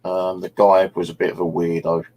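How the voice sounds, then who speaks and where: A man's voice: sits low, little pitch movement, moderate pace, a little mellow. A middle-aged man from England, telling rambling, sweary anecdotes as host of a casual chat. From South East England. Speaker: channel host.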